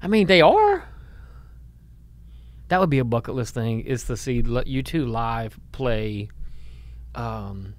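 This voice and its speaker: A man's voice: mid-range voice, sing-song, takes it slowly, pauses often. A man co-hosting a podcast in casual chat, rambling and hedging his thoughts with "like" and "I mean". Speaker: podcast co-host.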